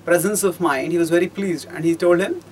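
A man with a high voice gives a storytelling lecture as a teacher of scripture. He speaks in a measured, explanatory way, stopping often to rephrase. A faint noise sits behind him. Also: darkish tone, poor audio.

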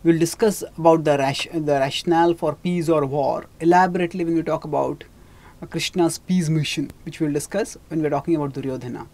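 A teacher retelling an old epic in a measured, explanatory lecture, with frequent restarts and fillers. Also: mid-range voice, steady tone, darkish tone. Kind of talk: storytelling lecture.

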